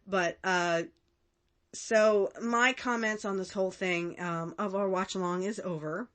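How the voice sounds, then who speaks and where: With a mid-range, fairly bright voice and fairly even intonation, a woman in her thirties hosts a casual podcast at a slightly slow pace. Her commentary is chatty, packed with fillers and frequent laughs.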